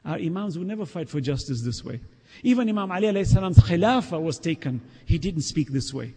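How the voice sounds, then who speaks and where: Male preacher, sermon, earnest and emphatic, high voice, reverberant hall. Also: animated, fast, breathy edge. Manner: earnest, emphatic, swinging between soft and loud; recites scripture in Arabic.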